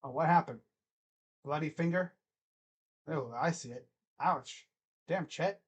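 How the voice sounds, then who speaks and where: A streamer calling a basketball game live in a loose, chatty way, drifting into jokes and asides between plays. The voice sits at an ordinary middle pitch, and each play is called in slow, drawn-out words before it slips back into an easy ramble. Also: slightly rough. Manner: rambling, joking, talks to himself between plays; drawn-out play calls during game action. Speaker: sports reaction streamer. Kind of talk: casual live play-by-play reaction.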